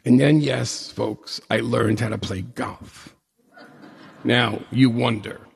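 A man's voice: medium pitch, vocal fry, husky. A man in his forties or older, telling a personal story with humor and acting out the dialogue. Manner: animated, self-mocking, acts out dialogue. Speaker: storyteller on stage. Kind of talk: personal story told to an audience. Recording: long hall reverb.

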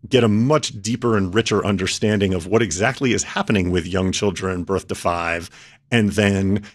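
A man answering interview questions, laying out his points in a measured, methodical way. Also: deep voice, fairly even intonation. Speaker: policy expert guest.

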